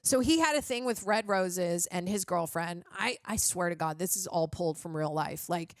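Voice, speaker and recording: A woman's voice: lowish voice, normal speed, no room sound, studio quality. A woman hosting a casual movie reaction, chatty and rambling with lots of fillers.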